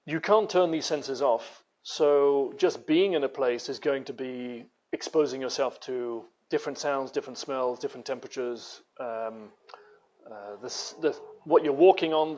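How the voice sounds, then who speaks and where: A man's voice: mid-range voice, moderate pace, darkish tone, muffled recording. A man with a British accent, a guest artist telling stories in a rambling, casual interview style with many restarts. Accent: British English.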